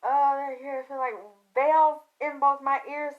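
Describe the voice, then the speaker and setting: Loud, profane woman telling a story. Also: high-pitched, unhurried, phone-quality sound. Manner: loud, profane, excitable, acts out quoted voices. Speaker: spiritual commentator. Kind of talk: animated storytelling monologue.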